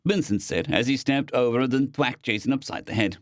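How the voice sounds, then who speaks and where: A man narrating a science fiction story as an audiobook reader, expressive in delivery. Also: medium pitch, a little fast, no room sound, studio quality. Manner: expressive, with lively intonation.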